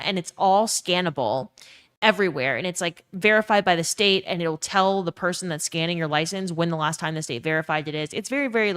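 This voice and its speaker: A woman's voice: fairly low pitch, a bit bright, clear, resonant tone. A young woman with a Southern US accent chatting casually on a live stream, swearing freely and reading out chat messages. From Louisiana.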